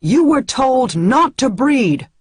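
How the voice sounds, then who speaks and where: A cruel female commander barks her orders slowly and harshly, as a woman reads her part. The voice is a little husky and sits dry and close. She sounds cold and in total control. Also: fairly low pitch, lively intonation, no echo. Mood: shouting orders. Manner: harsh, slow, shouting orders.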